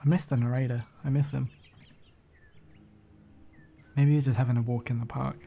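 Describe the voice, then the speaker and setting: Male streamer, casual game commentary, chatty, joking, mid pitch, desk mic. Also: little pitch movement, normal speed, creaky, warm tone. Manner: chatty, joking, talks to himself and chat. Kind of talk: casual live gameplay commentary.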